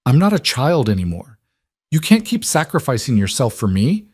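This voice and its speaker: Voicing a frightened younger sister in an audiobook story, a man pitches his medium voice above his natural one, with big pitch swings, a darkish, slightly rough tone and normal speed. The delivery is desperate, pleading and breaking, recorded dry and clean in a studio.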